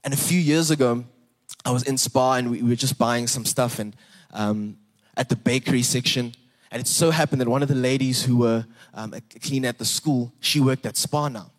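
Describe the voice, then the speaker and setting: A man's voice: mid-range voice, moderate pace. Earnest young male preacher. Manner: earnest and animated, with repeated words and emphatic rises. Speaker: pastor. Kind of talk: sermon.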